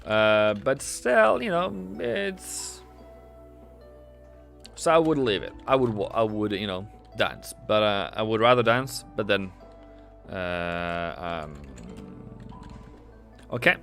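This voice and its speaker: Man, livestream trading host, casual market commentary, talkative, chats with viewers, soft background music. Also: on the low side, expressive, takes it slowly, vocal fry, pauses often. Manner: chatty, answers own questions, reads and teases chat.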